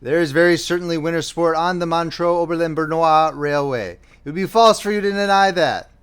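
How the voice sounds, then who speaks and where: A man's voice: fairly high pitch, brisk, clean tone, voice pushed up, natural voice. A man voicing a pompous, pedantic male Swiss official who insists on precise points.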